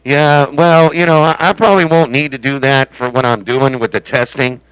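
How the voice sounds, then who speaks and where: Dry-voiced rambling CB radio host. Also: male voice, medium pitch, fairly even intonation, moderate pace, a bit bright, clean tone, no room sound, rough recording. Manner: rambling, joking, folksy. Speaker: CB radio operator and stream host. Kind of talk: casual radio chat. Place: home radio base station.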